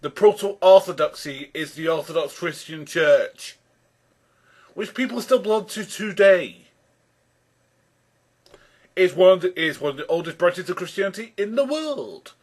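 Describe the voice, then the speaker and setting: A YouTube commentator rebuts a video with a high-pitched, lively voice, speaking a little slowly with long pauses. Exasperated and argumentative, he often calls his opponent by name and restarts sentences as he builds each point.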